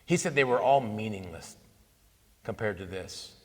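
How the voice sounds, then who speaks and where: A man's voice: on the low side, moderate pace. Man speaking in a reverberant hall. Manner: conversational, animated storytelling with asides. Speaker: conference speaker. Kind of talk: conference talk on Catholic faith. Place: conference hall.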